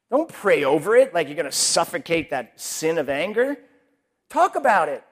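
High-voiced man preaching a sermon. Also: big pitch swings, moderate pace, a bit bright, slightly rough. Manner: conversational, acts out quoted inner voices.

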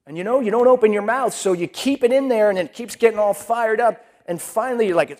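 A man with a notably high-pitched voice delivers a sermon. His talk is chatty and conversational, and he slips into voicing the thoughts of the people he describes. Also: sing-song, brisk, hardly any pauses, darkish tone. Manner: conversational, acts out quoted inner voices. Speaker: preacher.

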